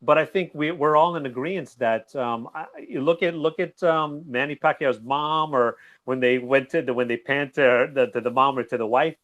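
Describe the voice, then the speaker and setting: A man guesting on a boxing talk show, rambling in an animated way and laughing easily. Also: medium pitch, moderate pace, hardly any pauses, dull audio. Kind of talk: casual boxing recap chat.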